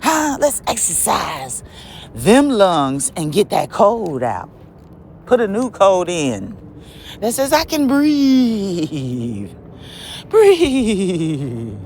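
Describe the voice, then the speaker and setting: A woman hosting her podcast, preaching in an emphatic monologue full of rhetorical questions and laughs, with dramatic swings between high and low. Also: very animated, takes it slowly, a little mellow, slight background noise. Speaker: podcast host.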